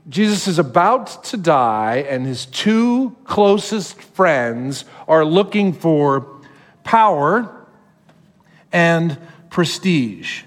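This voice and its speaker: High-voiced man preaching in an echoing hall. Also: takes it slowly. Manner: conversational, animated storytelling. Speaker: pastor. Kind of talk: sermon.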